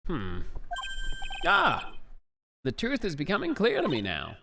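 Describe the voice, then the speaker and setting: A man's voice: a little high, wildly swooping pitch, a little fast, creaky, background noise, pitched above the performer's own voice, heavily acted. A man voicing a fussy older male judge in a fan-dubbed courtroom game, pompous and easily swayed.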